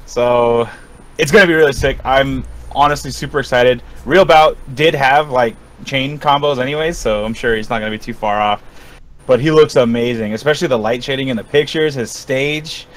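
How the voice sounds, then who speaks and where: A man co-hosting a casual gaming podcast, excitable and laughing often as he acts out quotes. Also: medium pitch, normal speed. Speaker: podcast co-host.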